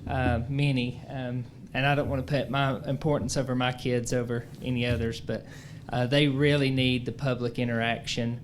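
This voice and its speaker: A man addresses a public meeting at an even, mid pitch. He speaks hesitantly, leaning on fillers. A faint hiss runs under the recording. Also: moderate pace, hardly any pauses. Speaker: horticulture teacher. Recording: faint background noise.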